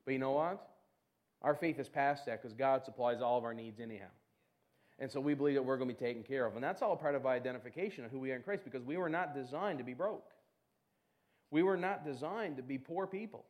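A middle-aged man preaching a sermon, animated, who acts out prayers in a whiny voice. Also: medium pitch, fast.

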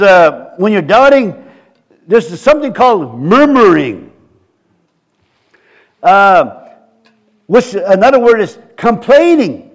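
A man preaching a sermon, halting and repeating words, acting out quotes from scripture characters. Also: sits high.

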